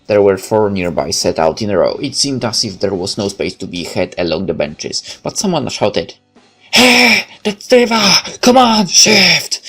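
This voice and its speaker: A man reading a visual novel aloud as narrator, with occasional casual asides. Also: low-pitched.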